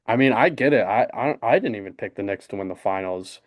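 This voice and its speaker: Low-voiced laid-back young guy talking sports. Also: animated, fairly quick. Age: young adult. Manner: easygoing, rambling with fillers and restarts. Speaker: podcast co-host. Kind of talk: casual sports chat.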